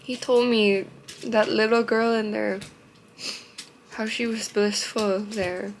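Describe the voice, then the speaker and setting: A tearful young woman in a confessional vlog, speaking haltingly with emotion and trailing off into soft murmurs. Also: mid-range voice, little pitch movement, a little hiss or hum, poor audio. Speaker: vlogger.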